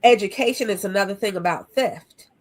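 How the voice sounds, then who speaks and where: A woman guest on an interview, a nonprofit founder, talking in an emphatic, animated way with punchy repeated phrases. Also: mid-range voice, fairly quick.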